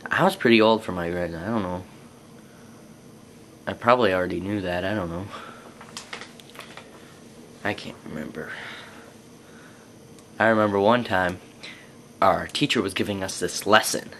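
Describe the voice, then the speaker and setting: Low-voiced guy rambling to camera. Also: moderate pace, long pauses, fairly bright tone, a little hiss or hum. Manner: rambling, lots of fillers and restarts. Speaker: vlogger. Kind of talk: casual storytelling to camera.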